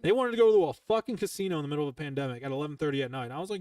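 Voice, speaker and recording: A man's voice: on the high side, expressive, rapid-fire, darkish tone, recorded from a distance. A man hosting a podcast, telling a heated, profane story in casual chat and rambling with restarts. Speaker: podcast host.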